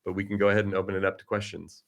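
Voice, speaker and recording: A man's voice: low voice, flat delivery, rapid-fire, vocal fry, background noise. Earnest middle-aged man speaking by video call. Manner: earnest, reflective storytelling. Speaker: keynote speaker. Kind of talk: motivational talk with personal story.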